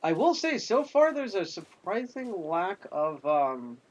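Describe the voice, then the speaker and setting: A man's voice: high-pitched, sing-song, a little slow, highs cut off. A man giving jokey, casual commentary while he plays a video game on stream. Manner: jokey, chatty, reacts aloud while playing.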